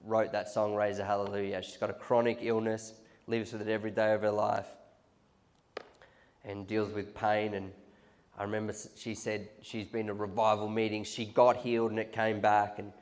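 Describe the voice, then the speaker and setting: A man preaches to his church in a somewhat low voice. He tells his stories with animated restarts and repeated phrases, the way a sermon runs live. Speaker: pastor.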